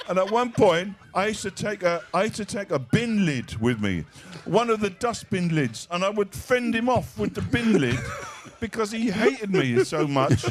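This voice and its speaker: A middle-aged man, a comedian guest on stage at a live event, telling long animated anecdotes and acting out other people's voices. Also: sits high. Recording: echoey live stage sound.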